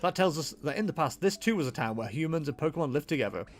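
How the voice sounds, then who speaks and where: A friendly game guide with helpful advice, read aloud by a man. The delivery is plain and lively, with a pitch that moves up and down, over faint music. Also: fast talker, natural voice. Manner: reading on-screen dialogue aloud.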